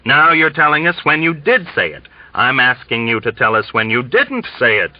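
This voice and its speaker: A man's voice: medium pitch, big pitch swings, moderate pace, dry recording, voice pushed up, lightly acted. A man voicing a bloated, bellowing army colonel who bullies and sneers, in a dull, dry recording. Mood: badgering. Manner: roaring, blustering and sarcastic.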